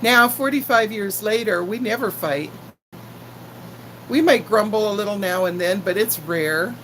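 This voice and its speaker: Slow-talking chatty woman in her sixties. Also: mid-range voice, fairly bright tone, a little hiss or hum, poor audio. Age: 60s. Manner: chatty and affectionate, greeting viewers by name. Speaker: channel host chatting with live viewers. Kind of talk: casual live-stream chat.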